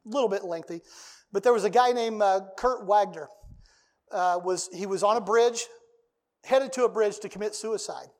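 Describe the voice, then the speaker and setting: A man with a notably high voice preaching in a relaxed, talky way. He is middle-aged and speaks as a pastor. His delivery swells into loud, excited bursts. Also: moderate pace. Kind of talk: sermon.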